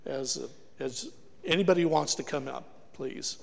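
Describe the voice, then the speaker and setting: A man's voice: fairly high pitch, measured pace, creaky, in a large hall. A man preaching a sermon to a congregation, emphatic and throwing rhetorical questions at the listeners, recorded in a church. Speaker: guest preacher. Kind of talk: sermon with altar call.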